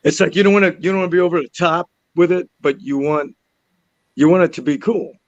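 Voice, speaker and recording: A man's voice: on the high side, brisk, no echo, lo-fi sound. Actor guest, man, raised voice, dry sound, laughs through his anecdotes. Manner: animated, laughing, repeats words as he goes. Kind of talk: casual storytelling chat.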